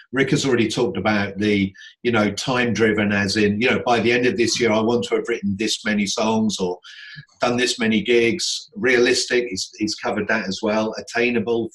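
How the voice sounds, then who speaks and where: A man's voice: lowish voice, a bit bright, poor audio. A man hosting a songwriting Q&A on a video call, explaining in an earnest, casual way with everyday examples. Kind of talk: casual coaching talk.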